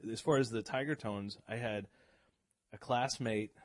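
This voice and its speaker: A middle-aged man from the Boston area telling stories as a podcast guest, animated and often laughing. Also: fairly low pitch, measured pace, no echo. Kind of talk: casual podcast conversation.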